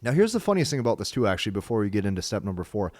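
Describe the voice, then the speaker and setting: A young man giving dating advice in a lively, emphatic talk, acting out what he says on dates. His voice sits low. The sound is dry, with no room echo. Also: very fast. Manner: energetic, emphatic, acts out his own lines. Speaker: dating coach. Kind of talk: instructional talk to camera.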